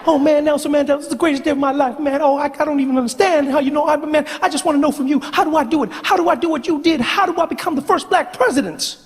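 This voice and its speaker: A man doing a giddy, rapid-talking young fan. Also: very high-pitched, long reverb tail, pitched above the performer's own voice. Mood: giddy-fast. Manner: rapid, breathless, excited, stammering. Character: young male future politician, giddy fan.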